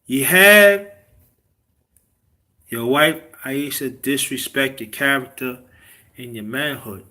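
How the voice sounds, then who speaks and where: A man's voice: medium pitch, takes it slowly, pushed and bright. A man hosting a casual livestream, preaching relationship advice to his chat and dropping to a whisper for emphasis. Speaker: livestream host.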